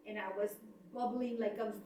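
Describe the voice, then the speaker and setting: A middle-aged woman telling a personal story about layoffs, expressive, laughing often and acting out the dialogue. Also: mid-range voice, brisk, a little hiss or hum. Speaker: speaker on layoffs. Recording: echoey room, voice from a distance.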